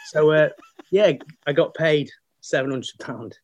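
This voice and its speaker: A man, an actor and comedian, chatting casually as a podcast guest and telling anecdotes, slipping into quick voices for the people he quotes. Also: fairly high pitch, expressive.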